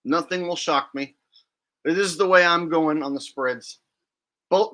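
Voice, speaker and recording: A man's voice: fairly high pitch, a little slow, sharp tone. A man hosting a livestream, talking in a blunt, defiant and profane way. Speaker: livestream host. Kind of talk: casual livestream rant.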